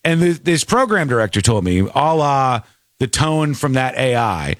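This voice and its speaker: A man's voice: medium pitch, normal speed, dry recording, clean studio sound. A man hosting a talk radio show, chatting casually and mimicking voices as he tells stories. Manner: animated, mimics voices while telling stories. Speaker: radio host.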